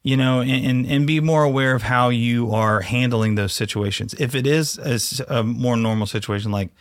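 A man co-hosting a casual parenting discussion, speaking in a thoughtful, measured way and slowing down on key words. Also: mid-range voice, no room sound, clean studio sound. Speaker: podcast co-host, father of boys.

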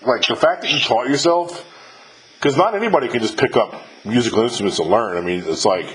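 A man's voice: medium pitch, expressive, a little fast, fairly bright tone, breathy edge, low-quality recording. Casual, profane middle-aged male host. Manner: loose and profane, many fillers and restarts. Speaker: podcast host interviewing a musician. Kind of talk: casual chat.

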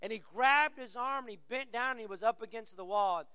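A man's voice: very high-pitched, brisk, pushed and bright, clear, resonant tone, no echo, big-room sound. A middle-aged man preaching a sermon as pastor, telling stories with animation and acting out the voices he quotes.

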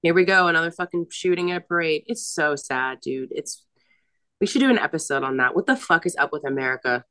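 A woman's voice: deep voice, lively intonation, fairly quick, pushed and bright, smooth. A young woman co-hosting a podcast, chatting frankly and casually, swearing freely and laughing often. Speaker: podcast co-host. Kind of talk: casual chat. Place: apartment.

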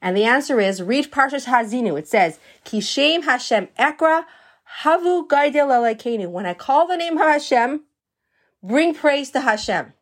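Woman teaching Torah, pitched a bit high. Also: animated, moderate pace. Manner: reads Hebrew passages aloud and translates them line by line; earnest, explaining with stories and rhetorical questions. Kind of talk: explanatory Torah lesson.

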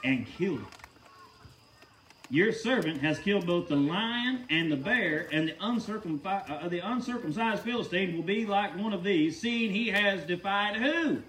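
High-voiced emphatic male preacher. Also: expressive, normal speed, fairly bright tone, roomy sound, far from the mic, a little hiss or hum. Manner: emphatic, folksy, asks rhetorical questions. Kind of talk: sermon.

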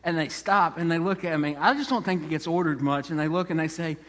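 Guy preaching in a church, pretty high voice, chatty and loose, acts out the people in the story, long echo off the hall. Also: fast talker, a bit bright. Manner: conversational, restarts often, acts out quoted speech. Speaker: pastor. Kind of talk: sermon.

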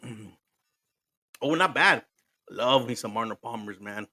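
Unhurried and husky yet bright and forceful, this man's mid-range voice comes through in clean studio sound with no room sound. He hosts a podcast, drinking as he tells a story in casual conversation, laughing, cursing, and moving between Spanish and English.

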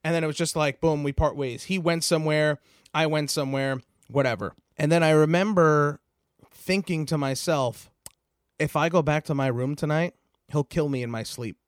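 A man's voice: fairly high pitch, normal speed, no room sound. Young guy podcaster rambling through a story, lots of likes and swearing, dry close sound. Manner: rambling, filler-heavy, swears freely. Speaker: podcast host. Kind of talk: casual storytelling.

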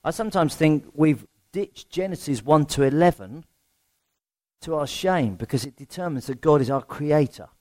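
A man's voice: a little high, lively intonation, normal speed, darkish tone. A man preaching a sermon in a conversational way, asking rhetorical questions and poking fun at himself. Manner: rhetorical questions, self-deprecating humour.

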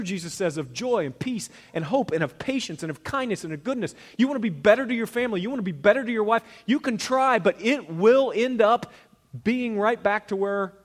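A man in his thirties preaches in a church hall, frank and conversational. His slightly high voice drops to soft asides and then jumps up loud for emphasis. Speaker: pastor. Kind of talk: sermon.

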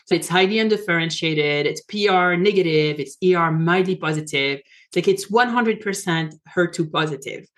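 A woman in her forties, a physician, tells a personal story in conversation, animated, laughing often and correcting herself mid-sentence. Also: on the low side, normal speed. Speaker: physician guest, rheumatologist.

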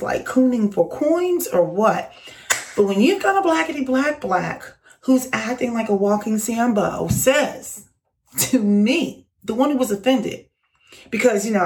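A young woman casually telling an exasperated workplace story to her channel, acting out the voices of the people in it. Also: medium pitch. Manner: animated, exasperated, acts out quoted voices.

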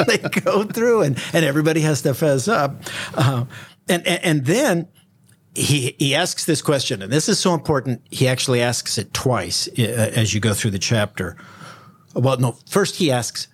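A man leads a casual bible discussion in an animated way, his pitch swinging widely as he tells the story. He laughs often and slips into quick character voices. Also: slightly rough. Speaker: bible study podcast host.

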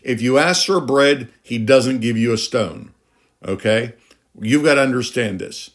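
Emphatic male preacher, middle-aged. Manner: emphatic, rhetorical questions, pitch rising on key lines. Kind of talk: sermon.

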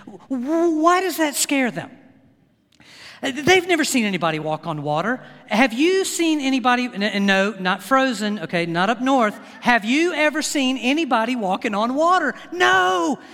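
A man preaching a sermon as pastor, animated, with his voice climbing for emphasis. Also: moderate pace. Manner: animated, rising pitch for emphasis, laughs often. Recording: hall reverb.

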